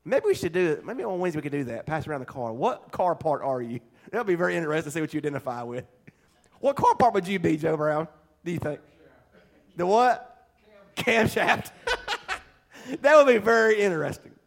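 A man's voice: on the high side, big pitch swings, fairly quick. A male pastor giving a folksy, conversational sermon at a church service, full of homespun jokes and chatty asides.

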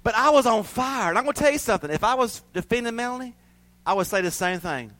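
A man's voice: sits high, animated, quick pace, a bit bright. A male pastor preaching a sermon in a folksy, storytelling way, often laughing at himself.

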